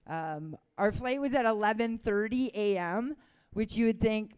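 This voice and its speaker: A young woman from Canada works through a stand-up set in a loose, rambling way, laughing at her own jokes. Her voice is smooth and clear. She sits at a middle pitch. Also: measured pace, a little mellow. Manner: casual, rambling, self-deprecating, with chuckles. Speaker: stand-up comedian.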